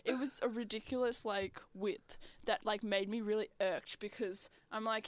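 Young woman, casual radio guest, rambling and filler-heavy, mid-pitched, dry studio sound. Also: steady tone, normal speed, dry recording. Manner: chatty, lots of "like" fillers, acts out customers.

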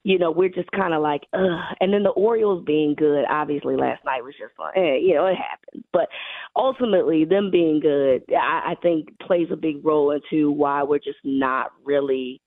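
A woman with a hoarse, scratchy throat talks in an easygoing way, full of fillers. She comes through a tinny phone line, and the sound is dry and close. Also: deep voice, normal speed, no echo. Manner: relaxed, conversational, many fillers. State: hoarse from allergies. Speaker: guest football analyst. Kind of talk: casual radio chat.

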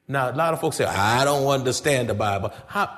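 A man's voice: medium pitch, expressive, fairly quick, a bit bright. A man preaching a sermon as pastor, speaking emphatically, firing rhetorical questions at his congregation and speaking to them directly. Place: church sanctuary. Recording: echoey church hall reverb.

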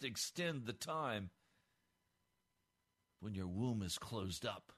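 A male pastor delivering a radio sermon, building to emphatic peaks and then dropping low and quiet. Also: expressive, takes it slowly, long pauses.

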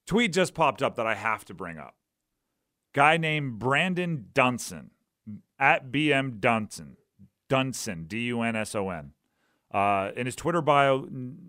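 A man's voice: medium pitch, fairly bright tone, no echo, clean studio sound. A man hosting a sports talk radio show, talking casually and often checking in with "right?". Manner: conversational, keeps asking "right?".

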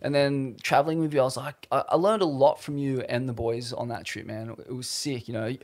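A relaxed man hosting a podcast, talking in a loose, rambling way full of slang and the odd curse. His voice sits at an ordinary middle pitch, easygoing and unhurried. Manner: laid-back, slangy and swearing, rambling. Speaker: podcast host. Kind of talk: casual chat.

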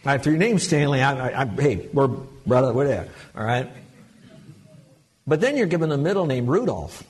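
Middle-aged male pastor, husky voice, animated sermon delivery with sudden high exclamations. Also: normal speed. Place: church sanctuary.

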